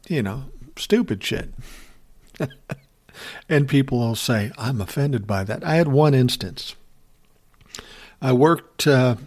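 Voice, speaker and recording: A middle-aged man talks through a story from his working life in a plain, blunt way. His tone is wry and conversational, and his pitch sits in an ordinary middle range. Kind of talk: casual storytelling monologue.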